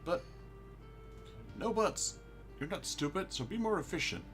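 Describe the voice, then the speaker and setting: A man voicing a gruff, foul-mouthed male rocket captain who barks impatiently. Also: high-pitched, animated, quick pace, faint music behind, voice pushed up. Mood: barking. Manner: barking, impatient, swearing.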